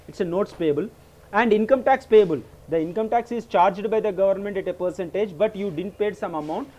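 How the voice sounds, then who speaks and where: Brief: man with a high voice, patient teacher who repeats and corrects himself. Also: darkish tone. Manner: explanatory, repeats points, frequent self-corrections. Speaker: accounting teacher. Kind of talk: classroom lecture.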